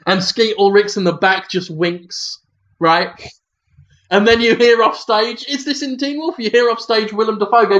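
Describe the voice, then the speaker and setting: A man's voice: high voice, fairly even intonation, normal speed, fairly bright tone, muffled recording. A man co-hosting a podcast, rambling through an improvised comic story and checking in with "right?". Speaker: podcast co-host.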